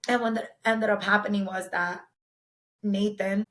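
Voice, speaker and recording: Woman, podcast guest; somber, halting storyteller with many fillers; mid-range voice. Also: medium pitch, fairly even intonation, fairly bright tone. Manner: somber, emotional retelling. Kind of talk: personal storytelling.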